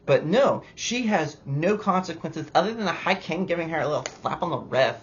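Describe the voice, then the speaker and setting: A man's voice: on the high side, animated, normal speed, hardly any pauses, dull audio, slight background noise. A young man reviewing a TV show in an exasperated, sarcastic rant, stumbling and restarting as he talks. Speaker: video host, show reviewer. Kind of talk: ranting commentary review.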